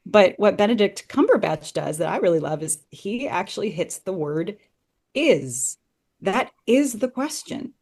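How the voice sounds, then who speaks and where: Fairly low in pitch yet swinging widely up and down, this woman's voice is gravelly, husky and slightly mellow, at a normal pace. As a podcast guest discussing Shakespeare, she analyses a text by thinking aloud, earnestly and with enthusiasm, in conversation.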